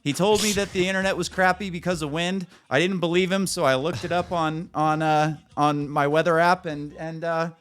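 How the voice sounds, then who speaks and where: A man's voice: fairly high pitch, fairly even intonation, normal speed, hardly any pauses, fairly bright tone, soft background music. A man hosting a podcast, telling a story in a casual, profane, rambling way with frequent restarts. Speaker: podcast host.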